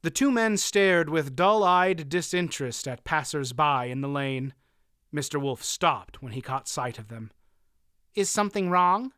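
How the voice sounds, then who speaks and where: Male audiobook narrator; measured pace, bright tone, dry studio sound. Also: a little high, clear, resonant tone, dry recording. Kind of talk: scripted narration.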